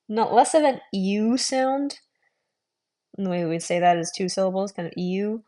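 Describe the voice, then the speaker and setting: A young adult woman giving a video language lesson, patiently explaining and repeating sounds slowly so learners can follow. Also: medium pitch, dark tone. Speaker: language teacher.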